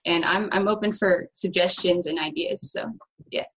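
A woman's voice: fairly low pitch, steady tone, normal speed, a bit bright, slightly rough, rough recording. A woman applicant chatting casually in an interview, with many fillers and an upbeat manner. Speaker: trading challenge applicant.

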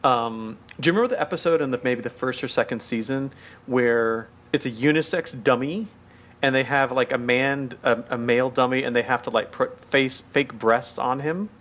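A man's voice: medium pitch, moderate pace, a bit bright. A man co-hosting a podcast, chatting in a rambling, conversational way full of "like". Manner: rambling, conversational, lots of filler "like". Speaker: podcast co-host. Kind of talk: casual podcast chat.

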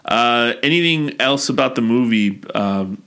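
A man's voice: mid-range voice, animated, measured pace, pushed and bright, clear, resonant tone. A man co-hosting a casual movie-review chat who talks bluntly and profanely in long rambling runs. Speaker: podcast co-host.

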